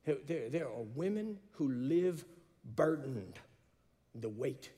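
A man's voice: a little high, very animated, a little slow, mellow, big-room sound. A man preaching a sermon, telling stories and building to emphatic peaks. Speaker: pastor.

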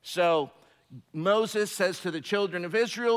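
High, bright-voiced preacher in a reverberant hall. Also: male voice, clear, resonant tone. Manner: preaching with rising emphasis, slows words for stress. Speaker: pastor. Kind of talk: sermon. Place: church sanctuary.

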